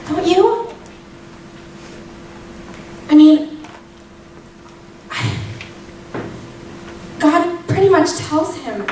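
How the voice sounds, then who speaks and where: A woman's voice: high voice, animated, very slow, pauses often, a little mellow. Woman teaching Bible study in echoey room. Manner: candid and personal, with emphatic rises. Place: church room. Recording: echoey room, distant mic, faint noise.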